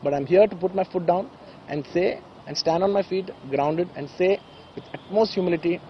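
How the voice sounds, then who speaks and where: A man's voice: sits high, moderate pace, dull audio, a little hiss or hum. A man with a background gives an emotional press statement, earnest and repeating phrases insistently. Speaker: speaker at a press conference.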